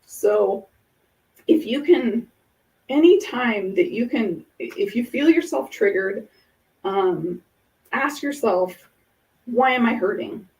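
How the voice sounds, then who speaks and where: A woman's voice: mid-range voice, animated, takes it slowly, vocal fry, pauses often, darkish tone, far from the mic, rough recording. A woman hosting a casual podcast, talking through ideas in an earnest, explanatory way with examples. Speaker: podcast host.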